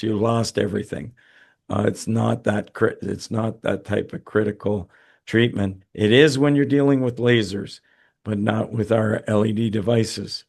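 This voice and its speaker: A man's voice: on the low side, vocal fry, darkish tone. Tired man hosting a webinar. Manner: halting, many fillers and restarts. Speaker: host. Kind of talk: webinar talk and Q&A.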